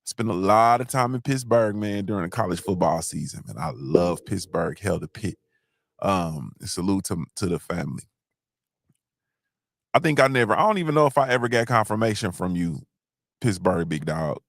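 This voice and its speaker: A man hosting a casual podcast chat, rambling loosely through stories and shout-outs and often checking in with "you understand what I'm saying.". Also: low-pitched, expressive, normal speed, gravelly, no echo, studio quality. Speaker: podcast host.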